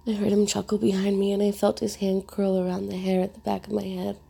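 A woman narrating a first-person story in a soft, hushed, intimate reading. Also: mid-range voice, monotone, quick pace, creaky, husky.

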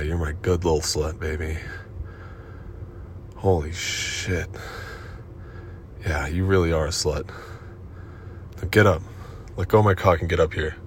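In this erotic audio role-play, a low-pitched man takes a commanding, profane, dominant tone, breathing out moans between lines. A faint hiss or hum runs underneath.

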